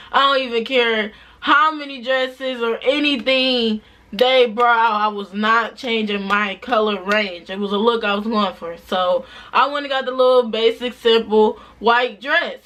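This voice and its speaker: A young woman telling a personal story in a chatty storytime vlog, often turning to her viewers with quick asides. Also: on the high side. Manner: chatty, animated retelling with repeated asides to viewers. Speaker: vlogger.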